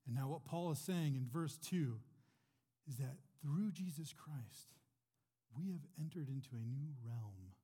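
In this sermon, the male preacher talks a little slowly with a breathy edge, his warm and mellow voice at ordinary pitch. He keeps it relaxed and conversational, asking his congregation rhetorical questions, all with a church hall's long reverb.

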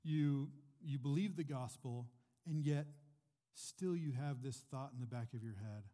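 A man's voice: mid-range voice, unhurried, mellow, in a large hall. A man preaching a sermon in a church, talking conversationally and asking his listeners rhetorical questions. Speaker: pastor.

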